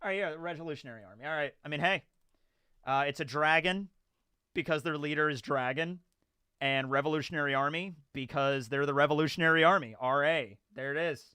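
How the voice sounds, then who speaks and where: Bright, clear-voiced man chatting on a dry mic. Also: on the high side, a little fast, dry recording. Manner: rambling, conversational, filler-heavy. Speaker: YouTube host. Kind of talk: casual storytelling and commentary.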